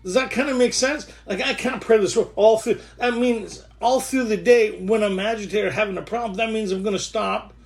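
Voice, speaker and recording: A man in his thirties sharing his recovery story in a rough, joking way, with many restarts. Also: sits high, moderate pace, hardly any pauses. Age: 30s. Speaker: recovery workshop speaker. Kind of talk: candid recovery share.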